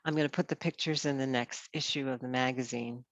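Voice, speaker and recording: A woman's voice: extremely low pitch, steady tone, fairly quick, no echo, lo-fi sound. A woman host in a casual chat, rambling with lots of "you know" and restarts. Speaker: podcast host.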